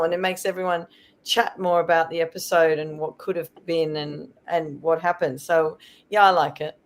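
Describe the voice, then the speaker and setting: A woman with a low voice joins a fan podcast as a guest. She speaks in a conversational, thoughtful way. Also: level tone, normal speed. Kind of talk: casual fan chat.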